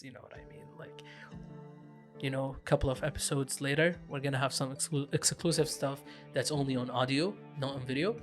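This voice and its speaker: A male podcast host with a middle-pitched voice teases his guest and then rattles through the sign-off. He talks casually and brisk. Faint music plays behind him. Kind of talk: casual chat.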